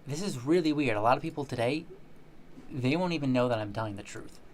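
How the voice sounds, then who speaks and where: Very low-voiced rambling woman streamer. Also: lively intonation, fast, darkish tone, a little hiss or hum. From Michigan, United States. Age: 30s. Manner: rambling, playful storyteller with many restarts. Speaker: live streamer, co-host. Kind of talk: casual live-stream chat.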